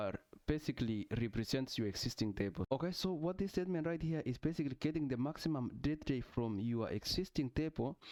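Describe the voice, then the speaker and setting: A man's voice: mid-range voice, darkish tone, no room sound. Man explaining a tech tutorial. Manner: explanatory, frequent "okay" and "uh" fillers. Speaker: tutorial instructor. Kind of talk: screen-share tech tutorial.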